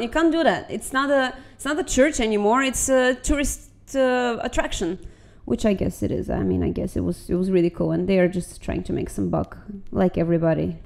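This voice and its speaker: A young woman who is not a native English speaker, casually and animatedly telling a travel story as a vlogger, swearing now and then. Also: a little high.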